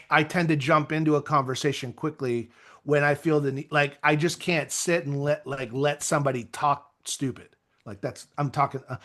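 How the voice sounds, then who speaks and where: A man coaching real estate agents in an energetic, conversational motivational talk with self-deprecating asides. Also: a little high.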